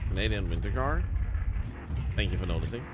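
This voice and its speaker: A man's voice: lowish voice, animated, brisk, very noisy. A man streaming a game, casually chatting to his viewers and to the game's characters in a playful way. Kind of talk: casual gameplay commentary.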